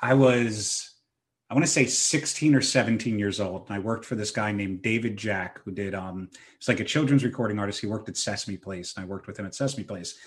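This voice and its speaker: A man's voice: lowish voice, a little fast. A man in his thirties, a podcast host, telling self-mocking stories in a casual chat. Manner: animated, self-mocking storyteller.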